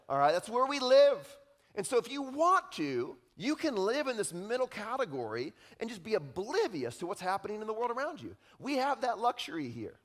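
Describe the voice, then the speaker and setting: A man preaching a sermon as pastor, speaking in a conversational, animated way and often checking in with the congregation. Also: sits high. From Utah. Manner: conversational, animated, often tags lines with "right?".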